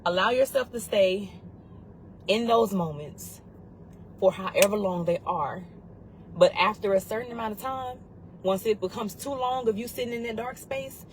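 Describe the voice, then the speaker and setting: A woman's voice: medium pitch, moderate pace, a little hiss or hum, poor audio. A woman giving a heartfelt motivational talk on grief, earnest and urgent, repeating key phrases for emphasis. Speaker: grief support speaker.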